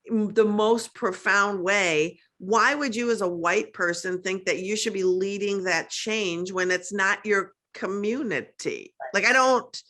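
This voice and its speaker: A woman from Minnesota with a Minnesotan accent, chatting animatedly as a guest on a video call, full of "like". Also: mid-range voice. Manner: animated, quick, peppered with "like". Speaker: guest, comedian and activist. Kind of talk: casual video-call chat.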